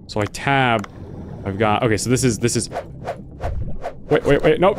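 A man casually commenting on his gameplay, excitable and sarcastic, jumping between low mutters and loud yelps. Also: normal speed, over music. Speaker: gaming video host. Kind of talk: casual let's-play commentary.

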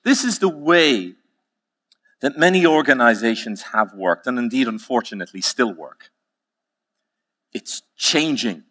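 Bright-voiced male keynote speaker. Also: mid-range voice, lively intonation. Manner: storytelling, emphatic, slow repeated phrases. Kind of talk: conference keynote talk.

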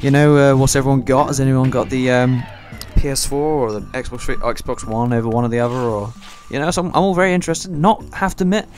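A man's voice: mid-range voice, fast, few pauses, darkish tone, a little hiss or hum. A young man giving casual, rambling, joking commentary while he plays a video game. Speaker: gameplay commentator. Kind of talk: casual let's play commentary. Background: game music.

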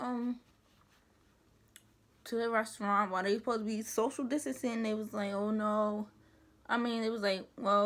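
A young woman vlogger chatting casually, emphatic and animated with rhetorical asides. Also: on the high side. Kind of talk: casual commentary chat.

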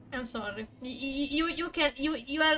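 A high, bright-voiced woman, a native Italian speaker, streams a game from home, talking slowly. She swears at enemies and laughs between lines. A faint hiss of noise sits under her desk mic. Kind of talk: casual gaming stream.

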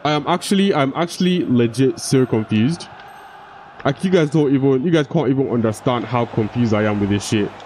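A man's voice: mid-range voice, normal speed, darkish tone, slight background noise. A young man giving casual gameplay commentary, often frustrated, swearing and restarting his sentences. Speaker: gaming YouTuber.

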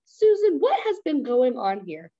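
A woman reading aloud, voicing a confused, sharp-tongued old grandmother who demands answers. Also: mid-range voice, big pitch swings, unhurried, muffled recording. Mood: alarmed. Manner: indignant, demanding questions.

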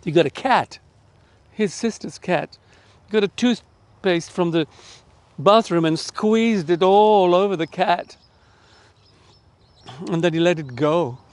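A middle-aged Australian man telling a children's story in an online church service, with lively, animated delivery and direct questions to the listeners. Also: high voice, takes it slowly, long pauses, no echo.

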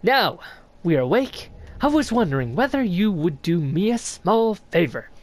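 A man's voice: high voice, sing-song, moderate pace, no room sound, pitched above the performer's own voice. Man doing a sly old snail shaman. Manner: theatrical, mock-gracious reading.

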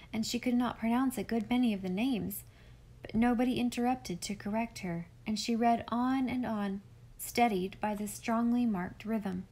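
A woman reading a classic children's novel aloud as narrator, steady and storytelling. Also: a little high. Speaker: audiobook narrator. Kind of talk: scripted narration.

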